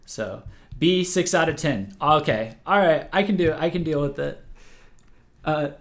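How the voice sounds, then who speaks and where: A young man hosts a livestream in a casual, unhurried way, his voice sitting a little high for a man. He sounds sleep-deprived and keeps stopping to fill gaps with ums and restarts. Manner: halting, full of fillers and restarts. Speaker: livestream host.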